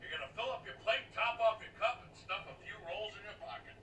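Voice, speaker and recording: A man's voice: sits high, animated, quick pace. An actor playing a smug middle-aged man who lectures others about buffets, heard as movie audio playing in the background. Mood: preachy.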